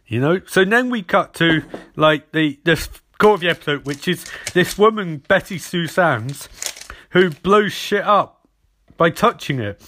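A man talks his way through a TV episode recap in a loose, rambling manner. His voice sits a little high. The recording is dry and close, with no room sound. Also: lively intonation, measured pace, a bit bright, dry recording. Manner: chatty, rambling, acts out quoted lines. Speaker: podcast host recapping episodes. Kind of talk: casual solo recap.

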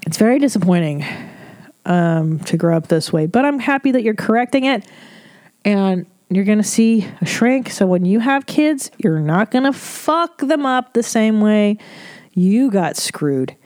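A woman's voice: mid-range voice, expressive, a little slow, darkish tone, no room sound, clean studio sound. A woman comedian hosting a podcast, giving blunt, profane, motherly advice in casual chat.

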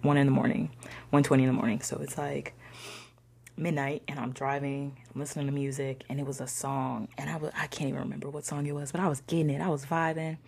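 A young woman telling a personal story in a slangy, conversational way, sometimes dropping into soft whispers. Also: rumbling low, flat delivery, fast, vocal fry, husky. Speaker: discussion participant.

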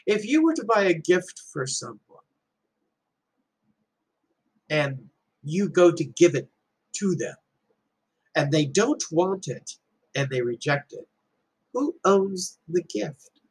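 A man voicing a calm, patient wise teacher who speaks gently and softly. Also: sits high, normal speed, gravelly, husky, voice pushed up, exaggerated voice, rough recording.

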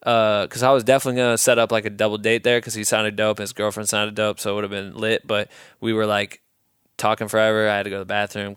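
A man's voice: on the low side, smooth, no echo, clean studio sound. A young man from Iowa hosting a podcast, telling stories in a rambling, profane, casual way. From Iowa, USA. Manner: profane, rambling, loose and animated. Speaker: podcast host. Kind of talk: casual storytelling monologue.

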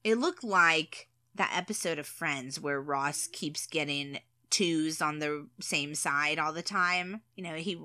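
A woman's voice: low-pitched, slow, few pauses, sharp tone, no room sound, studio quality. A woman chatting casually about a TV show, hesitant, with many fillers and frequent laughter.

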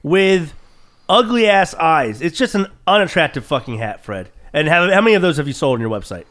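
A man hosting a podcast who teases his friends and swears freely. His voice is high and bright, and it leaps around with a lot of energy. He sounds loose and animated. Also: brisk. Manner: profane, teasing, animated. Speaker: podcast host. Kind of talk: casual podcast banter.

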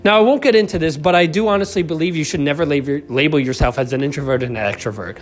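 A man giving a motivational talk on communication, animated and casual, often checking in with the listener. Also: on the high side, quick pace, faint music behind. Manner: animated, acts out quoted voices, says "right?" often. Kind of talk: motivational self-help talk.

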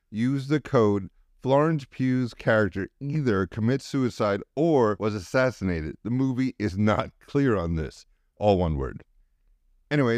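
A man's voice: medium pitch, darkish tone, no room sound. A man hosting a comedy podcast, playing the exasperated straight man to his co-hosts. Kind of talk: sketch comedy podcast banter.

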